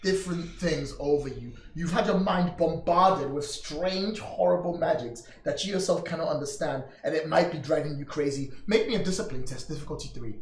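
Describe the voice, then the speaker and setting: A man running a tabletop role-playing game as game master, narrating scenes in a chatty, lively way. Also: a little high, normal speed, few pauses, reverberant, slight background noise, rough recording. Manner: lively, chatty storytelling with laughs.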